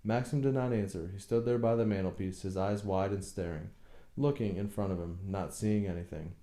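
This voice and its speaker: A man reading a novel aloud as an audiobook narrator, slow and measured. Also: low-pitched, mellow, echoey room. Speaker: audiobook reader.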